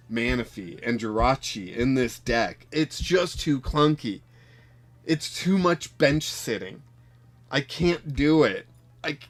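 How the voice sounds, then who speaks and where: A man giving live gameplay commentary on a card game, talking to his opponent with exasperated outbursts and quiet muttered counting. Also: medium pitch. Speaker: card game player and streamer.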